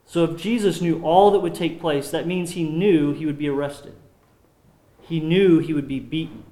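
A man preaching a sermon as pastor, earnest and measured, often dropping his voice low on solemn points. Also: fairly even intonation, dark tone. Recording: roomy echo.

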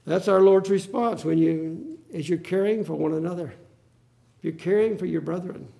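A man's voice: high-pitched, normal speed, creaky, dark tone. A male pastor preaching a sermon, acting out the Bible quotes with drama.

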